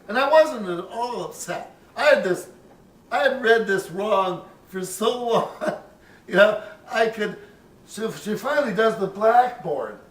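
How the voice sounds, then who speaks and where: A man's voice: high voice, lively intonation, measured pace, far from the mic. An older man casually telling a personal story, rambling and profane, with chuckles. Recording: roomy, off-mic, faint ambience.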